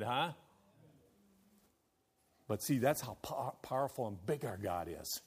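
A man preaching a sermon as pastor, his delivery emphatic, moving between loud declaration and hushed, intimate asides. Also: mid-range voice, animated, unhurried, pauses often, husky.

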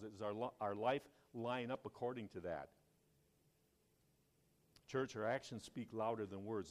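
Male preacher, mid-range voice; conversational sermon with call-outs and sudden loud emphasis. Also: mid-range voice. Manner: conversational storytelling, asks the congregation questions. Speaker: pastor.

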